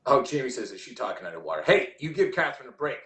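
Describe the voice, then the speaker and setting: Lively man chatting on a roomy livestream. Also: medium pitch, racing. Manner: rambling, restarts often, reads chat aloud. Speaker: livestream host. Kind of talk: casual livestream chat reading comments.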